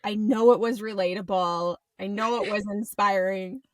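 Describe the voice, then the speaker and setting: A woman from the US hosting a podcast, talking with warm, effusive enthusiasm. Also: mid-range voice, steady tone, moderate pace, dry recording. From United States. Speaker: podcast host and recovery coach. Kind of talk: casual podcast conversation.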